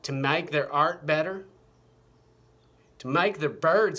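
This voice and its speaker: Guy ranting into his camera, kinda high voice, super slow, swears a lot, keeps repeating himself. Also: sharp tone. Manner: agitated, repetitive, profane rant. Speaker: vlogger. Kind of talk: rambling monologue to camera. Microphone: camera mic.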